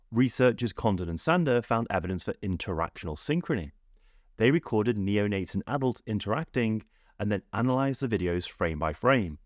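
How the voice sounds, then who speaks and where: A man, narrating a scripted psychology lesson in a clear, steady, explanatory way. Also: lowish voice, no room sound, clean studio sound. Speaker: psychology teacher.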